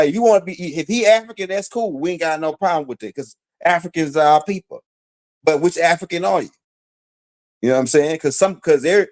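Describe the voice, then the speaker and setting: A man giving a casual, slangy commentary monologue, challenging his target with repeated rhetorical questions. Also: a little high. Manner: casual slangy speech with fillers. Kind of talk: direct-address commentary monologue.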